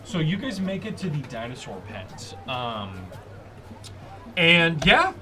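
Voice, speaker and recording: A man's voice: fairly high pitch, very animated, slow, a crowd in the background. A man narrating a tabletop game as game master, casual and full of fillers.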